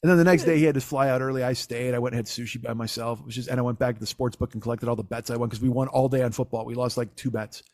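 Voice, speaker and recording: A man's voice: medium pitch, steady tone, very fast, hardly any pauses, a little mellow, no echo, studio quality. A middle-aged man hosting a comedy podcast, telling a rambling, profane story and laughing often. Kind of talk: casual storytelling.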